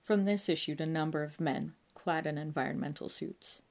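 Female audiobook narrator, low voice, dry and wry reading style. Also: moderate pace, gravelly, a little mellow. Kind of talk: audiobook narration of a comic novel.

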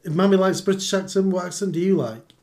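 A man's voice: high voice, fast talker, darkish tone. A man co-hosting a podcast in casual chat. He talks in a dry, teasing way and slips in jokes at his partner's expense. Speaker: podcast co-host.

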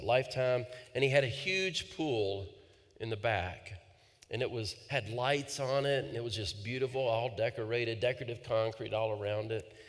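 A male pastor preaching a sermon in a church, earnest and storytelling, with frequent repeated words. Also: mid-range voice. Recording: long reverb in a large hall.

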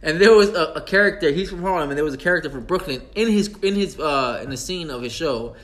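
A man hosting a loose hip-hop podcast, chatting casually with a slightly high voice. He swears freely, laughs often and talks in quick bursts. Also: expressive, fairly bright tone. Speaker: podcast host.

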